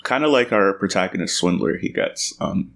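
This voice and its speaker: A man's voice: sits low, lively intonation, normal speed, fairly bright tone, a little hiss or hum. A man talking casually on a podcast, gushing enthusiastically and laughing often. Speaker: podcast guest.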